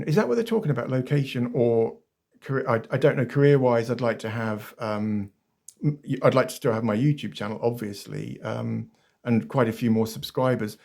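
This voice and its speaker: A chatty English man with a mellow, soft-toned voice, talking straight to his viewers in a relaxed vlog. He laughs easily, makes fun of himself, and keeps calling his audience "guys." The recording sounds like it was made on a phone. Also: mid-range voice. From England. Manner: chatty, often calls viewers "guys" and "beautiful ones"; laughs often, self-deprecating. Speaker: YouTuber. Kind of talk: casual vlog Q&A.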